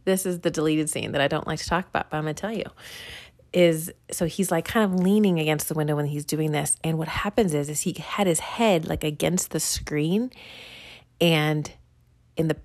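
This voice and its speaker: A woman's voice: deep voice, normal speed, darkish tone. A woman in her forties telling a personal faith story in a chatty way, with many fillers, restarts and laughs. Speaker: mother sharing a devotional story. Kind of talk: casual devotional storytelling.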